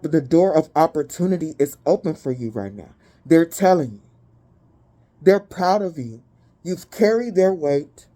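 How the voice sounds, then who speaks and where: A woman gives a spiritual tarot reading with a warm, mellow tone. She talks in a blunt, emphatic way and swears freely. She reads out lists of keywords slowly and deliberately. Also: on the low side. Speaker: tarot reader.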